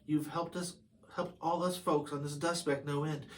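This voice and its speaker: A man voicing a tiny, grateful male town mayor while reading a storybook aloud, speaking softly and quietly. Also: fairly high pitch, moderate pace, a little hiss or hum, natural voice.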